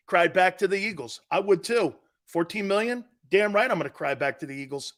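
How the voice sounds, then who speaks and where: A man's voice: high-pitched, lively intonation, moderate pace. A man hosting a sports talk show, blunt and brash, trash-talking callers and hammering his points home with a repeated "Okay?".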